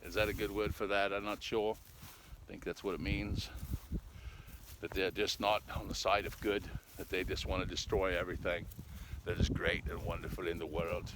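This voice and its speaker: A man's voice: deep voice, little pitch movement, moderate pace. An older man talking casually while walking his dogs outdoors on a country road, folksy and chatty, tagging "eh?" onto his lines and a little out of breath. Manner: folksy, talkative, ends lines with "eh?". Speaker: vlogger. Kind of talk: casual rambling monologue. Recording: noisy outdoor recording. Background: dogs and rural outdoor sounds.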